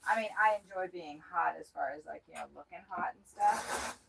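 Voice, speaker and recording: A woman's voice: fairly low pitch, moderate pace, gravelly, very noisy. A woman chatting casually on a livestream, joking around and laughing often. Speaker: livestream host.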